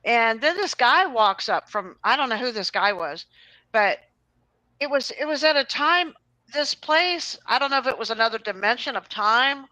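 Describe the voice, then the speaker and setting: A woman hosting a casual chat, telling a long rambling story in an animated way. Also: a little high, normal speed, no room sound, poor audio. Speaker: host.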